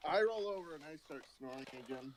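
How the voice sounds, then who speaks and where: A man playing a tabletop role-playing game with friends. His voice sits a little high for a man. He talks animatedly and stammers when excited. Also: fast, slight background noise, low-quality recording. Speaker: player. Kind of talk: casual tabletop play.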